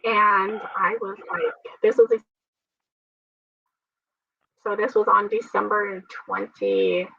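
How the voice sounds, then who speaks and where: A woman's voice: medium pitch, fairly even intonation, slow, vocal fry, pauses often, fairly bright tone, husky, no room sound. A woman who survived a transplant, telling her story in an interview in an earnest, faith-filled way with frequent laughter. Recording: dull, dry sound from a distant mic.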